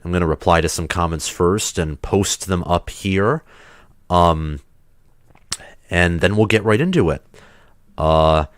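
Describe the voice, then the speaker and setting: A man's voice: low voice, smooth, no echo, clean studio sound. A man hosting a livestream while sick, chatting in a rambling, casual way with loose restarts. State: sick, under the weather. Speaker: livestream host.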